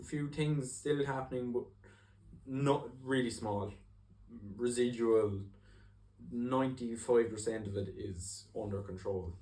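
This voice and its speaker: Young guy, earnest coaching talk, lowish voice, roomy echo. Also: a little mellow. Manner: earnest, halting, with many restarts. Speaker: life coach. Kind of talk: personal story and coaching talk to camera. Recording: echoey room.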